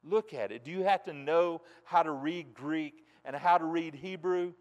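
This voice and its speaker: A man preaching a sermon in a folksy way, dropping soft and then rising loud and emphatic, from a church pulpit. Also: a little high, normal speed. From United States. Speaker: pastor. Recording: long reverb in a large hall.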